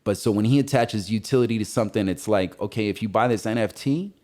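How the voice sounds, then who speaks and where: A man's voice: fairly low pitch, fast, mellow. A man being interviewed on a casual podcast as a visual artist, talking loosely and rambling through his thoughts. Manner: rambling, loose, with frequent fillers and restarts.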